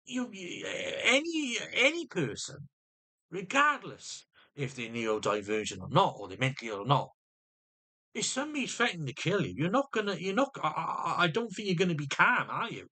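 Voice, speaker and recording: A man's voice: fairly high pitch, huge pitch swings, fairly quick, bright, forceful tone. A man venting to camera in an agitated monologue, often restarting and repeating his words. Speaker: vlogger.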